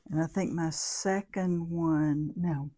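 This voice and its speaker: Unhurried woman crafter, low pitch, thinks out loud and corrects herself mid-sentence. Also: steady tone. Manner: rambling, thinks aloud, self-correcting. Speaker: craft vlogger. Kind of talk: casual crafting demo chat.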